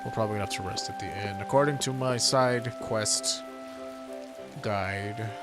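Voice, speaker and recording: Man, lowish voice, casual gameplay commentary, rambling, profane, game music in background. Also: moderate pace. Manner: rambling, offhand, swears casually. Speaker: gamer streamer.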